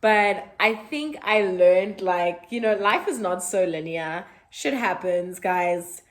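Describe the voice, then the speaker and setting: A woman in her twenties with a South African accent, telling a personal story in a chatty, animated way and acting out the dialogue. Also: medium pitch, slow pace. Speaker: vlogger. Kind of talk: storytime vlog.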